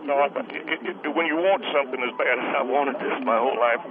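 A man's voice: mid-range voice, a little fast, pitched below the performer's own voice, close to an everyday voice. A man voicing an emotional, defensive husband and father calling a radio show, earnest and hesitant. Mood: flustered. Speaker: caller. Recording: tinny phone line with background noise.

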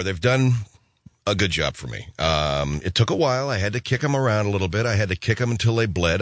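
A man's voice: on the low side, fairly bright tone, no echo. A man hosting a radio show, telling rambling stories with sarcastic jokes. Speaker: radio host. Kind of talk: comic radio monologue.

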